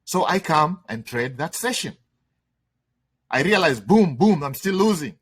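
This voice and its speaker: A man's voice: on the high side, animated, a little slow, husky. Emphatic man teaching a webinar. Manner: emphatic, conversational, repetitive, checks in with "okay?". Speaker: trading instructor. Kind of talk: webinar lecture.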